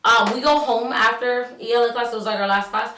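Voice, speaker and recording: Animated New woman, high voice. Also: a little fast, recorded from a distance, a little hiss or hum. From New York. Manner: animated, slangy, acts out dialogue. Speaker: vlogger. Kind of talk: casual storytime. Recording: roomy, set back from the mic.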